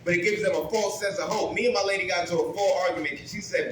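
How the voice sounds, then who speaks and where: A man performing a stand-up comedy set, talking in a brash, crude and animated way and building rhythmic lists. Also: high-pitched, very fast, few pauses, a little hiss or hum. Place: comedy club with a live audience. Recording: roomy club with crowd laughter.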